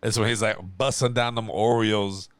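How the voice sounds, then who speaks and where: Man, low voice, laid-back podcast chat, swears freely, dry close sound. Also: steady tone, normal speed, clean tone, dry recording. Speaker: podcast co-host. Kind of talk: casual chat.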